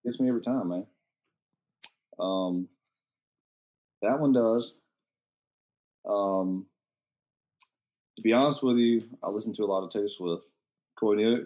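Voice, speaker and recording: A man's voice: fairly low pitch, a little mellow. A young man, a country singer guest in a casual podcast chat, laid-back and self-mocking, often trailing off. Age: young adult.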